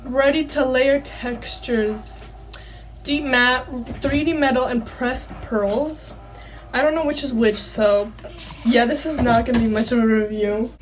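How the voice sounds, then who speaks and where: High-voiced chatty young woman. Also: a little slow, low-quality recording. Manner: chatty, giggly, self-conscious. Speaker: beauty vlogger. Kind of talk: casual makeup tutorial chat. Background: faint background music.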